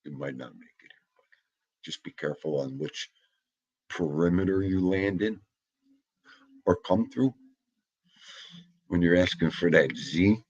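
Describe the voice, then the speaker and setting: Husky, low-voiced man in his fifties. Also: measured pace, pauses often, a little mellow, dull audio. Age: 50s. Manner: rambling, jokey, talks to his dog. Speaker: vlogger. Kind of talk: casual chat.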